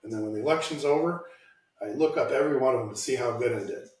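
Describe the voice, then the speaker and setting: Blunt, profane male podcast host, mid pitch, recorded off-mic in an echoey room. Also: fast, recorded from a distance. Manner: blunt, ranting, swears freely. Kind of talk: casual political chat. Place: home room, lives in Washington state. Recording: roomy echo, somewhat off-mic.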